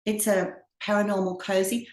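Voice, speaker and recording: An Australian woman talks about her work over a video call, relaxed and friendly, laughing easily. Her mid-pitched voice carries a noticeable room echo. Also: moderate pace. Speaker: author, interview guest. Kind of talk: casual video call interview.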